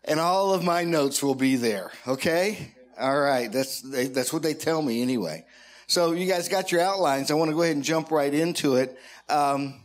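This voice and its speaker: Man pastor in church, casual and joking, voice a touch high. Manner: joking, conversational, addresses the congregation directly. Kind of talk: sermon.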